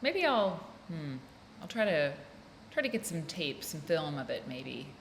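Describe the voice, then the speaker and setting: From an office room, an American woman rambles through a casual solo chat on her podcast, chatty and self-interrupting. Her voice sits low, very animated and unhurried, with vocal fry. Roomy echo, faint ambience, and a little hiss or hum come through.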